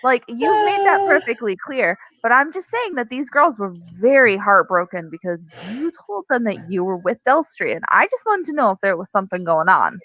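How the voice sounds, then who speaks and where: Playful, teasing woman in a tabletop game, slightly high and lively pitch, dry sound. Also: normal speed, few pauses, no room sound, poor audio. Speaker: player. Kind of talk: tabletop role-play.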